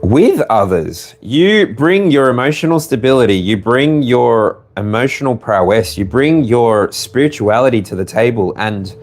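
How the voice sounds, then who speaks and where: A man's voice: mid-range voice, expressive, a little slow, hardly any pauses. A man with an Australian accent giving a live collective tarot reading, rambling and playful, drifting into humming and laughter. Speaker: tarot reader.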